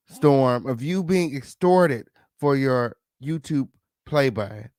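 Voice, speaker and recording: A man hosting a celebrity gossip show, brash and sassy and cursing freely. His voice sits at an ordinary pitch for a man, and it is recorded close and dry with no room sound. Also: animated, slow pace, a little mellow, dry recording. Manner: brash, sassy, swearing, repeats "okay" and "period". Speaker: gossip channel host. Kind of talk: profane celebrity gossip commentary.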